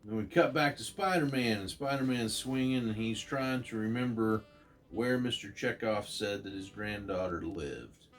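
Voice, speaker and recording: A man's voice: lowish voice, moderate pace, faint music behind. A man hosting his channel, casually retelling a comic story in a chatty way with many fillers. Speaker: comic book channel host.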